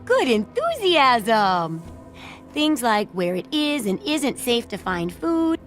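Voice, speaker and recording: An eccentric shopkeeper who is bubbly and eager to chat. Her voice is high and bouncy, with a lively up-and-down lilt. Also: slow pace, soft background music, heavily acted. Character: cheerful eccentric female shopkeeper and tinkerer. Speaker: game character.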